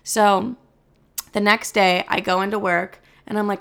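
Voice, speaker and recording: A woman's voice: medium pitch, little pitch movement, measured pace, gravelly, a bit bright, smooth. A young adult woman telling a story to the camera in a casual rant, blunt and swearing a lot. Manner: blunt, heavy swearing, fired-up. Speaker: storyteller vlogger.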